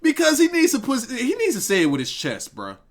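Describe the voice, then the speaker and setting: A man's voice: extremely high pitch, huge pitch swings, a little fast. A man co-hosting a casual wrestling review, teasing his partner and reading the chat aloud. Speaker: wrestling show co-host.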